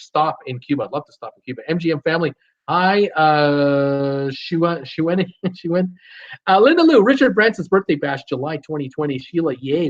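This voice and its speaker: A man hosting a live stream, reading viewer comments aloud and answering them in an upbeat way with many fillers. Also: on the high side. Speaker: host of a live cruise show. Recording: dull lo-fi stream audio.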